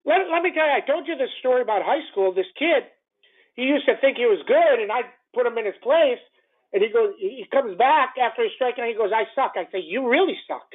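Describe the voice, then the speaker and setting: A man's voice: extremely high pitch, lively intonation, brisk. A man hosting a morning trading call, ranting bluntly and profanely, often stumbling and repeating himself. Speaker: trading show host. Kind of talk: morning market commentary. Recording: narrow phone-like audio.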